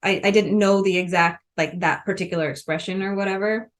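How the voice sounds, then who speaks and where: A podcast co-host from the Missouri Ozarks chats casually about a book, rambling and using lots of fillers. Her voice is medium in pitch, steady in tone, and brisk.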